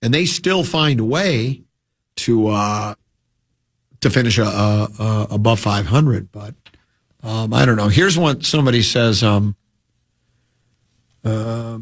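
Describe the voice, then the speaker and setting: A man hosting a sports talk radio show, sounding lower than usual from a cold, rambling and restarting his sentences. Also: slow pace, pauses often. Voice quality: usually whiny and nasal.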